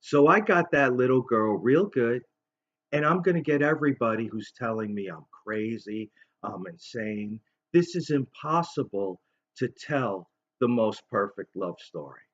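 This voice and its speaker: Speaking at a measured pace with an expressive, medium-pitched voice, a male vlogger in his fifties tells a lengthy, wandering story. He voices the other characters himself, and the audio is dull and lo-fi.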